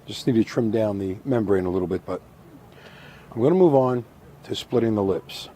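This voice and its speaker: A middle-aged man teaching a hands-on craft, talking through each step in a calm, methodical way and repeating the key points. His voice is mellow and dark, with a dry, understated humor. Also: fairly low pitch, moderate pace, a little hiss or hum. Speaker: taxidermy instructor. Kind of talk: hands-on demonstration.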